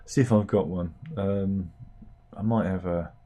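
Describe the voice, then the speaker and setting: Warm, low, and measured, with fairly even intonation, this UK host of a comic news show speaks casually. He rambles wryly to himself, filling gaps with ums and starting over often.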